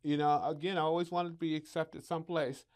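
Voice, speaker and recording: A middle-aged man, a podcast guest, telling his story in a lively way, acting out what others said to him. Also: on the high side, fairly quick. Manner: animated, acts out quoted voices, laughs often. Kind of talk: storytelling interview.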